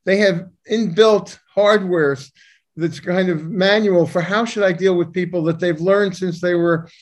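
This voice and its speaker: Emphatic opinionated man, high voice. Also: steady tone, unhurried. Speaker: psychiatrist and co-host. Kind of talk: conversational discussion.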